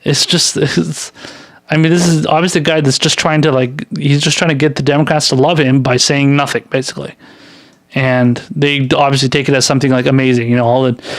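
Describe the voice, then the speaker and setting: A man's voice: mid-range voice, flat delivery, a little fast, no echo, clean studio sound. A man hosting a political commentary show, reading news articles aloud and rambling through sarcastic, filler-heavy commentary on them.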